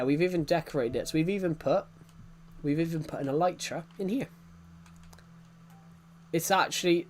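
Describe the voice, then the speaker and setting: British male streamer, slightly high voice. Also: a little hiss or hum. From Britain. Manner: rambling, with many fillers and restarts. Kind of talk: casual live-stream game tour.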